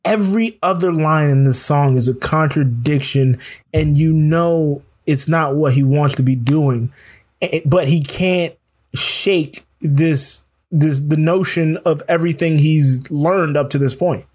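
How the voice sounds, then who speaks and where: A man's voice: a little high, measured pace, a little mellow. A man co-hosting a casual podcast chat, with a slight natural slur, laughing often and restarting his sentences as he rambles. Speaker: podcast co-host. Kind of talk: casual chat about a musical.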